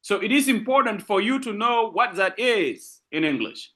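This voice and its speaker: A man with a French-speaking West African accent giving an online literature lecture, repeating examples and stressing words slowly. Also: high voice, expressive, bright, forceful tone.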